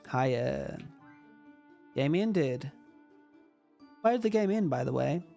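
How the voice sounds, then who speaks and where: A man's voice: mid-range voice, animated, slow, vocal fry, warm tone, soft background music. A man judging a game jam entry on a livestream, talking casually and reacting aloud to each guess as he plays. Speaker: game jam judge and streamer. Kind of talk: casual let's-play commentary.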